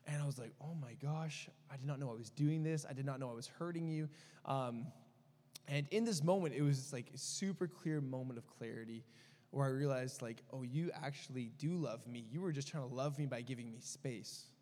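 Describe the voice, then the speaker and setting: A man's voice: mid-range voice, brisk, dark tone. Candid young man preaching in a hall. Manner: candid, rambling, full of fillers. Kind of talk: sermon with personal story. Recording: long reverb of a hall.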